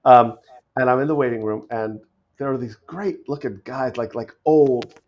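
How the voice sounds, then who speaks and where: Heard through dull, lo-fi remote audio, an American guest actor speaks at a medium pitch and measured pace in a casual podcast conversation. He's an animated storyteller who restarts often.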